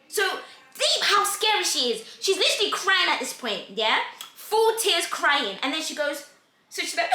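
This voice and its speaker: A young woman storytime vlogger delivers a dramatic story, voicing every character herself. Her voice is high, animated and sharp, at a normal speed, and the room sounds echoey.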